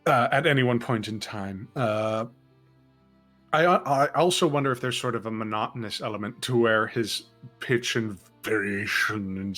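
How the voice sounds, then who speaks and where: A man's voice: lowish voice, pushed and bright. A man co-hosting a casual chat about playing characters as a game master, talking in a rambling, thoughtful way. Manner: rambling, thoughtful, full of fillers and restarts.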